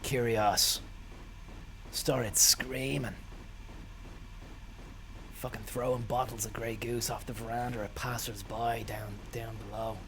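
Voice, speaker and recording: A young Irish man rambling through an absurd, profane comic monologue in a deadpan way. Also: medium pitch, slow, long pauses, a little hiss or hum. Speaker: comic storyteller.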